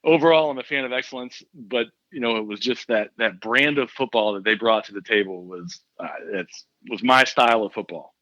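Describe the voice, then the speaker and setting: A man from southeastern Pennsylvania, a guest in a casual interview, talking in a relaxed way full of "you know" fillers. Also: medium pitch, a little fast, hardly any pauses, no room sound, highs cut off.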